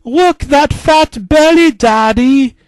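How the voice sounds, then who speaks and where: Man squeaking as a shrill bossy piglet girl. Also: sing-song, moderate pace, darkish tone, no room sound. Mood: nagging. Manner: shrill, nagging.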